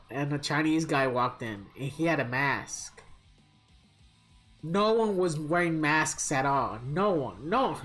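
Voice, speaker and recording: A man's voice: on the high side, fairly bright tone. A man live-streaming a fighting game, chatting casually with viewers in a rambling, profane storytelling manner.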